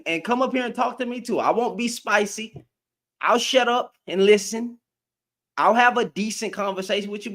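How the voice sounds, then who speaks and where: A man whose voice sits high with a fairly bright tone runs a live stream, ranting back at his commenters. His talk is slangy and confrontational, with lines repeated for emphasis.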